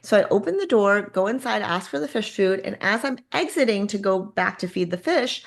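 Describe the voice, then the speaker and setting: A woman guest telling a personal story in conversation, animated and acting out the people in it. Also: mid-range voice, brisk, vocal fry. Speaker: guest, artist.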